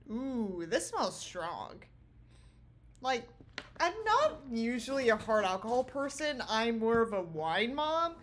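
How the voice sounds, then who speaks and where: Giggly woman streamer, slow and lively. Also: a little high, a little hiss or hum. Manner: giggly, rambling, drawn-out. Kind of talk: casual livestream chat. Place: small home room.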